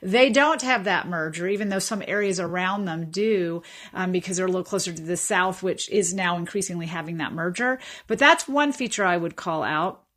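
In a radio interview, this woman, a professor of linguistics, explains how speech varies, pausing thoughtfully and often using fillers and restarts. Her voice is lowish and a bit bright.

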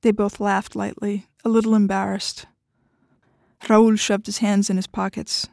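A woman reads fiction aloud at a measured pace. Her voice sits at a middling pitch, and the sound is dry and close, with no room around it. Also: level tone, vocal fry, darkish tone, no room sound. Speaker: story reader.

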